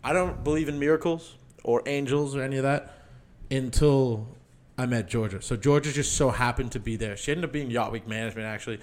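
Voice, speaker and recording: A man's voice: mid-range voice, fairly quick. A man telling a dramatic personal story in casual chat, rambling with lots of "like" and restarts, emotional enough to get choked up. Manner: rambling, heavy use of "like", restarts often.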